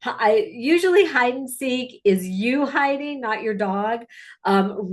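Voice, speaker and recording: A woman dog trainer talks casually over her training videos. She is chatty and upbeat, scattering fillers and side comments. Her voice sits at an ordinary middle pitch.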